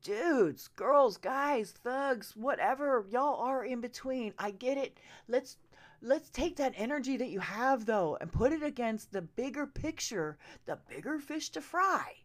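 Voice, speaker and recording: A woman ranting straight to her viewers, profane and urgent, now and then dropping to a hushed whisper. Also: fairly high pitch, lively intonation, measured pace. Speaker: vlogger. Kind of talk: impassioned direct-to-camera rant.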